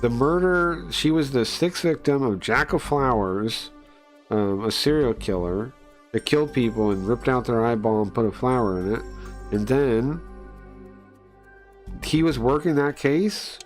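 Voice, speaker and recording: A man casually commenting while he plays and reads through a story game, chatty and easily excited, thinking aloud with many pauses. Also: mid-range voice, faint music behind. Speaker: streamer playing and reading a story game. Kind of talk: casual live-stream commentary.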